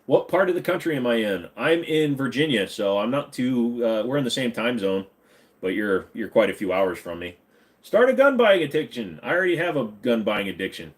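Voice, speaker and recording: A man's voice: medium pitch, big pitch swings, moderate pace. Chatty man hosting a livestream Q&A. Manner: rambling, jokey, reads and answers chat questions. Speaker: livestream host answering chat. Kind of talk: casual livestream Q&A. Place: home computer room.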